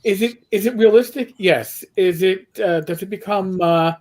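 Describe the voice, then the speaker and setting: A livestream host talking in a wry, hesitant way, with many halting restarts. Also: medium pitch. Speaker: show host. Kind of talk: casual livestream chat.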